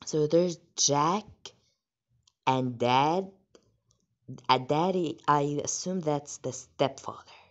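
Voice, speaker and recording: A woman hosts her channel in a slow, low voice, chatting casually as she reads text stories. Her reactions come with plain surprise, on dull, lo-fi audio. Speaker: channel host.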